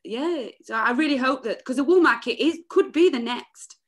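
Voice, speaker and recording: A woman in her thirties from England, a musician chatting as a podcast guest, animated and laughing often. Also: sits high, normal speed. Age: 30s. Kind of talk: casual podcast chat.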